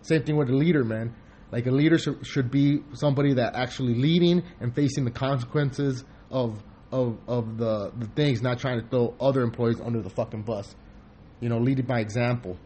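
A man hosting a podcast in casual chat, rambling and profane, telling animated stories. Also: medium pitch, brisk, slight background noise. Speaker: podcast host.

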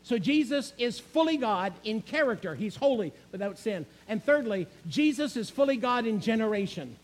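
High-voiced male preacher, emphatic. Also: expressive, moderate pace, poor audio. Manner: emphatic, repeats key phrases, asks the listeners questions. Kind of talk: sermon.

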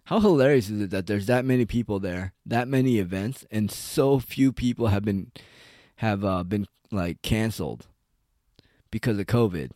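A man's voice: fairly low pitch, moderate pace, mellow, no echo, clean studio sound. A man giving a casual, rambling, profane rant as an online commentator. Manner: profane, rambling, heavy on "like" and "dude".

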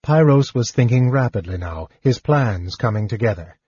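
A man narrating an audiobook in an even, measured reading. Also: mid-range voice, breathy edge, no room sound. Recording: dull, dry lo-fi recording.

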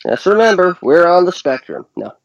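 A man co-hosts a casual podcast, dropping short deadpan jokes. His voice sits mid-range and sounds dry and dull, like a lo-fi mic with no room at all. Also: high voice, moderate pace, creaky, no room sound. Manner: dry, joking quips. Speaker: podcast co-host. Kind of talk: casual chat.

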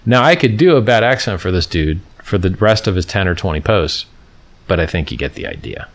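A man with a fairly low voice hosts a casual livestream. He rambles and scrolls along, reading bits from the screen and throwing in sarcastic, mocking jabs. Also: big pitch swings, brisk. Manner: reads from the screen and chats with viewers. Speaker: livestream host.

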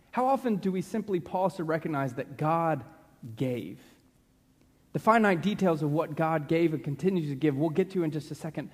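A man's voice: fairly high pitch, breathy edge. Earnest preacher man in echoing hall. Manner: earnest, slows down and drops to a hush for emphasis. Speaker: pastor. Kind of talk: sermon. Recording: long reverb of a large hall.

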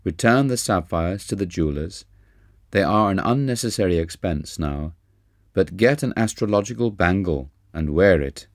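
A man reading an audiobook, voicing a stern older guru who speaks gravely and with authority. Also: sits low, lively intonation, dry recording, studio quality. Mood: reassuring. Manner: grave, measured.

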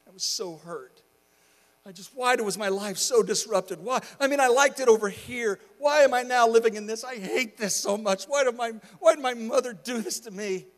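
A man's voice: high-pitched, very animated, takes it slowly, sharp tone, exaggerated voice. A man voicing a hurt, stubborn teenage girl. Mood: hurt, angry. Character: hurt, stubborn thirteen-year-old girl. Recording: long hall reverb.

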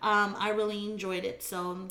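A woman's voice: mid-range voice, little pitch movement, moderate pace, pushed and bright, reverberant. A woman co-hosting a casual podcast, telling stories with enthusiasm. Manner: enthusiastic, storytelling. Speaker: podcast co-host. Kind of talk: casual drinking chat.

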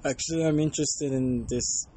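A man's voice: medium pitch, fairly even intonation, normal speed, dark tone, a little hiss or hum. A man, a traveling monk, casually telling travel anecdotes and acting out bits of dialogue. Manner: chatty, acts out dialogue in anecdotes.

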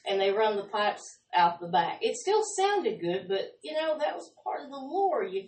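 A woman telling lively, laughing stories in a casual chat. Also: mid-range voice, moderate pace. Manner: animated, laughing storyteller, drawling. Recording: echoey room, far from mic, faint noise.

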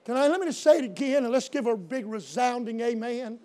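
A male pastor preaching a sermon in a church, swinging between shouted, drawn-out declarations and quieter, intimate appeals. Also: very high voice, animated. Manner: shouting preacher cadence with slow emphatic punches. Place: church sanctuary. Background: soft piano.

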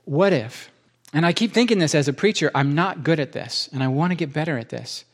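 A man's voice: fairly high pitch, expressive, fairly quick. A man preaching a sermon in a church, enthusiastic and conversational, often restarting his sentences.

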